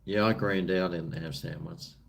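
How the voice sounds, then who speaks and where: A man's voice: low voice, steady tone, normal speed, gravelly. An Australian man chatting casually on a live stream, laid-back and drawling with crude banter, answering his viewers.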